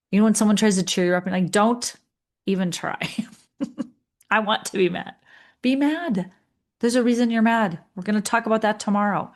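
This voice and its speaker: Chatty woman leadership coach, lowish voice. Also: a little mellow. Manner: earnest, chatty, acts out clients' voices. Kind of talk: coaching session talk.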